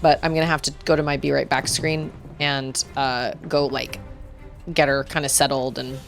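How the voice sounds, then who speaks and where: A woman's voice: very deep voice, flat delivery, moderate pace, creaky, soft background music. A woman gaming streamer chatting casually and reacting aloud as she plays. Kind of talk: casual live-stream chat while playing.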